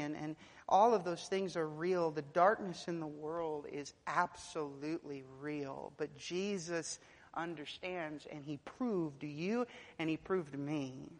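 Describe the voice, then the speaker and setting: Low-voiced woman preaching in a reverberant hall. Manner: builds to loud, emphatic preaching, then drops soft and low; repeats words when pressing a point. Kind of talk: sermon. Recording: long reverb of a large hall.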